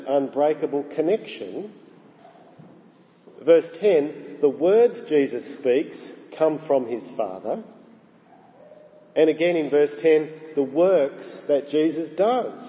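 A man preaching a sermon, emphatic, rising on key phrases and slowing down for weight. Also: mid-range voice. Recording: dull sound with long hall reverb.

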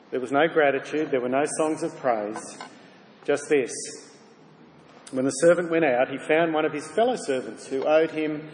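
A man's voice: a little high, slight background noise. A man preaching a sermon, speaking earnestly and directly to his listeners with rhetorical questions. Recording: reverberant hall, faint ambience.

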